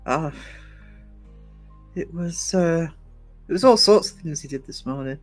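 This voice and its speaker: A man on a casual live stream, chatty and teasing, greeting viewers by name and laughing often, talking from a gym while low on energy. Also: lively intonation, unhurried, faint music behind.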